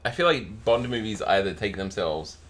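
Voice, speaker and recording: Laughing often, this chatty podcast co-host tells anecdotes in casual conversation. His voice is lowish, expressive and a bit bright, at a moderate pace.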